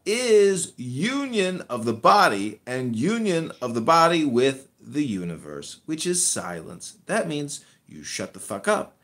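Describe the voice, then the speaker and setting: A man's voice: on the high side, sing-song, measured pace, few pauses, a bit bright. A man hosting a live audio chat room, brash and crude, mocking and insulting his guests. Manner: brash, crude and insulting, drawing out words to mock. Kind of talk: casual chat.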